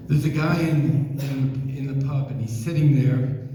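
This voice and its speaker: Slow, halting man telling jokes in a hall. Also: mid-range voice, mellow. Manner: slow, halting delivery with restarts. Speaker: joke teller. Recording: echoey hall from far off.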